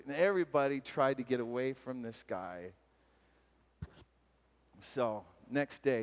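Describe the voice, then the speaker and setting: A man giving a retreat sermon, telling a story and acting out its voices with lively energy. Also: mid-range voice, slow, pauses often. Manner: animated, acts out voices in stories. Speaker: retreat speaker. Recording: long hall reverb.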